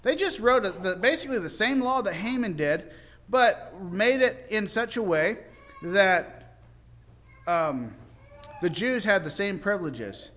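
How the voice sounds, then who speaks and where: High-pitched man, casual storyteller, folksy and animated, slips into character voices. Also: unhurried. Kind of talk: informal Bible story retelling.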